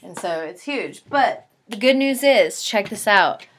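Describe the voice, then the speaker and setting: A woman's voice: mid-range voice, expressive, unhurried, a bit bright. A woman in her twenties from the East Coast of the United States, chatting to her camera at home in a rambling way full of "like" and "um". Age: 20s. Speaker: vlogger. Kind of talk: casual chat to camera.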